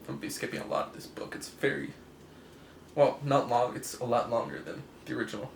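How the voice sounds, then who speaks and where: This comic book video host, a man with a medium-pitched, slightly fast, creaky voice, chats casually through a comic story as a review. He rambles, laughs often, and corrects himself, recorded in an echoey room with a faint hiss.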